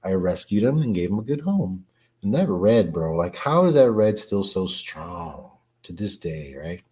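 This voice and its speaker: A man chatting casually on a livestream as a comic collector, excitable, slangy and laughing often. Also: sits low, measured pace, breathy edge.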